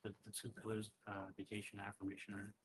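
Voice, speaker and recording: A man's voice: on the low side, completely flat delivery, fast talker, husky, rough recording. A male student answering in class, a little hesitant.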